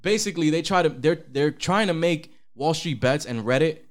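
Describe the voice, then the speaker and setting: A man co-hosting a podcast in casual chat, animated and profane, with big pitch swings when he quotes people. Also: moderate pace. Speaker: podcast co-host.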